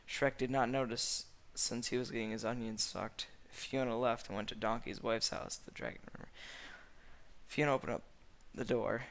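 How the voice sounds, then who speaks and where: A man narrating a comic fan-fiction reading in a deadpan way, stumbling over words. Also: mid-range voice, normal speed, gravelly.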